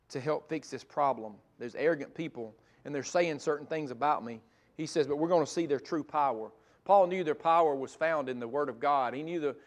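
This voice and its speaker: A middle-aged pastor with a notably high-pitched voice preaches a sermon, speaking as if from the pulpit. He builds into loud, emphatic stretches, then drops into a soft, close delivery.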